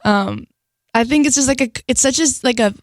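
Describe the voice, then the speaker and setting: A woman's voice: a little high, a little fast, dry recording, studio quality. A young woman, a singer guest, chatting casually in a radio interview, bubbly and full of "like". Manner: bubbly, lots of "like" and laughter.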